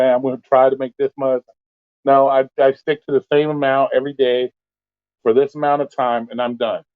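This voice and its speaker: A man's voice: medium pitch, no room sound. Man, casual profane rant, forum host, phone-line sound, dry. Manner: blunt, swears constantly, rants. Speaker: host of an open forum talk stream.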